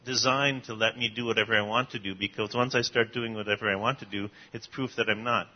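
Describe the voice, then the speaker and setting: A man in a Bible class giving his view in a thoughtful, halting way, reasoning aloud as he goes. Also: fairly low pitch, steady tone. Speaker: class participant. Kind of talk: discussion comment in class. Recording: dull lo-fi recording.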